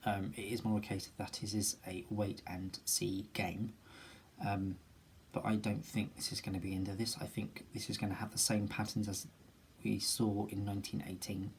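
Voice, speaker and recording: A man from Britain muses aloud in a casual vlog, circling back with ums and restarts. His pitch sits in the middle of the male range. A clear hiss runs under the homemade recording. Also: flat delivery, moderate pace, poor audio. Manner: rambling, many ums and restarts, musing aloud. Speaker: vlogger. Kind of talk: casual personal video diary.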